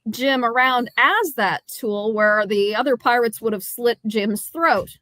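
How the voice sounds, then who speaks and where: Female co-host, fairly high voice, dry close sound, measured and analytical. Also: fairly bright tone, dry recording. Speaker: podcast co-host. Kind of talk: casual movie review chat.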